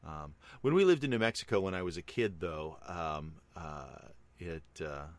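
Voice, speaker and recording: A man's voice: low voice, expressive, moderate pace, dry recording. A middle-aged man hosting a casual chat, telling a long personal story in a rambling way with many fillers.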